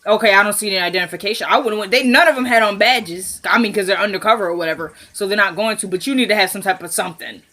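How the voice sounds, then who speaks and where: A young woman recapping a TV episode in a casual, excitable vlog, full of slang and laughter. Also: medium pitch, very fast, few pauses.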